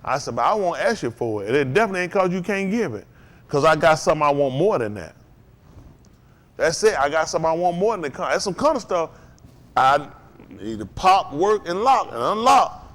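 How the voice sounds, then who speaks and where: A man preaching to a congregation, calling out to them and rising to shouts. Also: fairly high pitch, sing-song, a little fast. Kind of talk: sermon.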